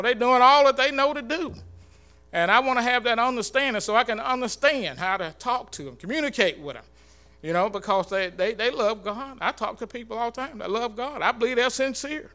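A man giving an earnest, halting church talk in an informal sermon style, with many fillers and restarts. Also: high-pitched, bright, forceful tone, clear, resonant tone. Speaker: church speaker.

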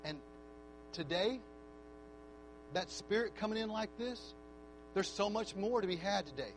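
Male preacher, very high pitch, hushed reflection building to shouted fervor. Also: lively intonation, a little slow, slight background noise, poor audio. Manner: quiet reflective build-up rising to shouted fervent altar call. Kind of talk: sermon. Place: church.

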